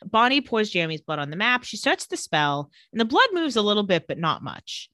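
A woman co-hosting a podcast, recapping a TV episode in casual chat and quoting the characters with animated voices. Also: mid-range voice, a little fast, no room sound, studio quality.

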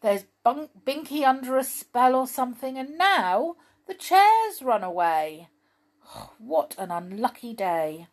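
Worried storybook girl, read by a woman, high and pleading, with a lively, expressive delivery. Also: takes it slowly. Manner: fretful, pleading. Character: anxious young girl in a children's tale.

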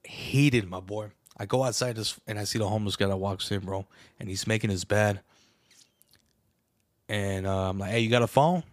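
A young man casually telling a long story on a podcast, animated and profane, calling everyone bro. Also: lowish voice, moderate pace, dry recording, studio quality. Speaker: podcast co-host.

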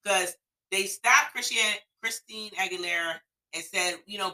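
A woman's voice: mid-range voice, normal speed, sharp tone, rough recording. A woman co-hosting a podcast, chatting casually and giving blunt, opinionated takes with some swearing. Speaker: podcast co-host. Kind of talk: casual chat.

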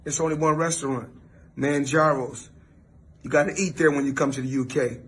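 A man doing an impression of a boastful rich male boxing star, slow and swaggering. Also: on the high side, steady tone, husky. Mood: bragging.

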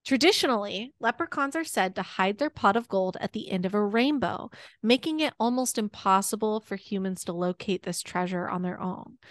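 A young woman co-hosting a podcast, chatting playfully and reading out her research notes in an even narrating tone. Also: medium pitch, no room sound. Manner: playful, laughs often, reads facts in an even narrating tone. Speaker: podcast co-host.

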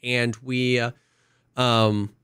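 A man's voice: mid-range voice, very slow, clean tone, no echo, clean studio sound. A young man co-hosting a podcast, telling a story with lots of acted-out quotes and the odd cough. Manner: animated storyteller, acts out quotes, coughs now and then. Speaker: podcast co-host. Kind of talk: casual chat, storytelling.

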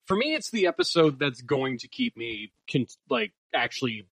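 A man's voice: fairly high pitch, very animated, normal speed, fairly bright tone, no echo, poor audio. A man in a casual chat who rambles and fills his talk with "like".

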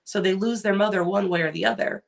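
Woman cohosting a podcast, gravelly voice, rambles and restarts a lot, casual chat. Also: mid-range voice, fast talker. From California. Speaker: podcast co-host.

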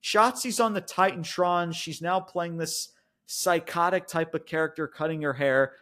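A man's voice: a little high, fairly even intonation, moderate pace, a bit bright. A man co-hosting a wrestling podcast, ranting in casual, profane chat, with lots of "like" and restarts. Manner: frequent fillers and restarts like "like".

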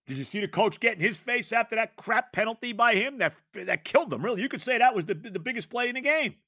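A man's voice: very high-pitched, lively intonation, fast talker, sharp tone, no room sound, clean studio sound. A man ranting as a sports talk host, exasperated and sarcastic, firing off rhetorical questions. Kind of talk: ranting sports commentary monologue.

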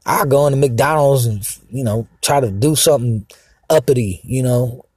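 A man's voice: medium pitch, normal speed, darkish tone, husky, dry recording. A man ranting in a rambling, profane, agitated monologue with many fillers. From Mexican heritage. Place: outdoors, sitting in a car.

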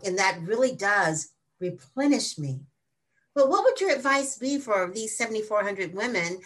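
A woman's voice: on the low side, fairly bright tone. A woman hosting an interview, talking in a reflective, casual way and asking her guest long questions. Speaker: podcast host.

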